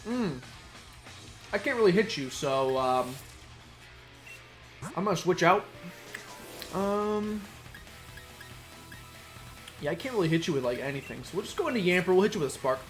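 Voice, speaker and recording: A man's voice: sits high, very animated, normal speed, long pauses. A man giving casual, playful commentary while playing a video game, chatting and muttering asides. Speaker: let's play streamer. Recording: faint game music behind.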